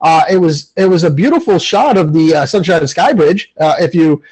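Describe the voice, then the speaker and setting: A man's voice: a little high, animated, normal speed, a little mellow, breathy edge, poor audio. Rambling enthusiastic man reviewing films. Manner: rambling, filler-heavy, enthusiastic. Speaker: podcast co-host. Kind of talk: casual movie review chat.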